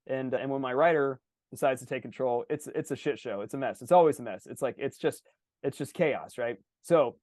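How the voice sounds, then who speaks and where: A man hosting a podcast in a casual book discussion, animated and swearing freely. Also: medium pitch, no echo, studio quality. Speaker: podcast host.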